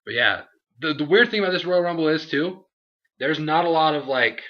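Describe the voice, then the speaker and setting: A young man co-hosting a casual review chat, animated and laughing, acting out what others said. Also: fairly high pitch, brisk. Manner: animated, acts out quotes, laughs often. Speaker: show co-host. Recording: dull lo-fi home recording.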